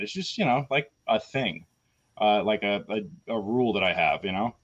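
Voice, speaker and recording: A man's voice: lowish voice, lively intonation, moderate pace. A man telling a long story in a casual chat, rambling with many fillers and restarts, and blunt with casual swearing. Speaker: host of a tabletop game show; small business owner in theater. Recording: dull lo-fi sound.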